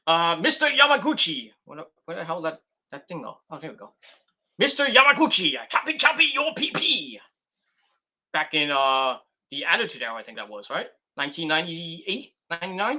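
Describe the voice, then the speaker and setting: A man's voice: on the high side, sharp tone. A man reviewing a wrestling show in a loose, rambling way, giggling and restarting his sentences. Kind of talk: rambling casual commentary.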